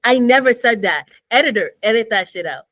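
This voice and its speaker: Young woman co-host, fairly high voice, playful and teasing, dry close sound. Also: animated, fairly quick, a bit bright, dry recording. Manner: joking, playfully defiant. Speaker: podcast co-host. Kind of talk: casual chat.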